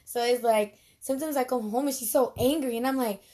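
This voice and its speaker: A woman's voice: on the high side, fairly quick, dark tone. A young woman in casual conversation, chatty and laughing often as she acts out things people said. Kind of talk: casual chat.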